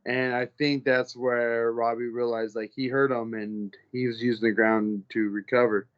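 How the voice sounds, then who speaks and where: A man's voice: mid-range voice, normal speed, clear, resonant tone, highs cut off. A man, a heavyweight fighter, telling casual stories in an interview, swearing freely and acting out the people he quotes. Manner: animated storyteller, profane, acts out the people he quotes.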